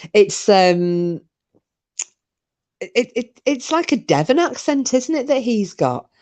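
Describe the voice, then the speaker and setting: A woman's voice: a little high, very animated, slow pace, pauses often, warm tone. A middle-aged woman, hosting a live stream and chatting casually with viewers, rambling and swearing freely. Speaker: livestream host reading chat.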